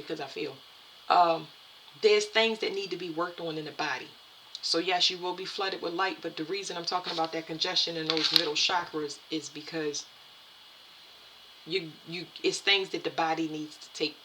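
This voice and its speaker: A woman giving a spiritual card reading to her viewers, halting and repeating herself as she talks. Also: fairly low pitch, pushed and bright, a little hiss or hum, poor audio. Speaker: tarot and energy reader.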